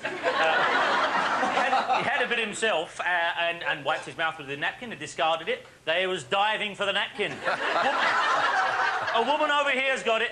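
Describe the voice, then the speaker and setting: A man presenting a phone-in quiz on a studio show, chatty and jokey with quick patter and frequent laughs. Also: high voice. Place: TV studio with live audience. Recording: faint audience and studio noise.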